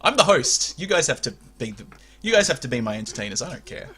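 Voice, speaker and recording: Husky bright-voiced guy hosting a jokey podcast, pitch all over the place. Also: big pitch swings, fast talker. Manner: joking, laughs often, restarts a lot. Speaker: podcast host. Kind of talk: casual comedy podcast chat.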